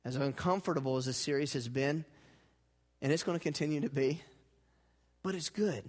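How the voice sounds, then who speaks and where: A pastor preaches a sermon to his church in a fairly high voice at normal speed. He swings between loud, emphatic passages and quiet, intense ones, and leads the congregation in call-and-response.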